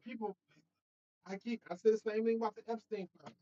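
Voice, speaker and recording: In a fast, high-pitched voice, a man runs a casual political livestream, addressing viewers directly and animatedly while laughing between his points. The recording is muffled.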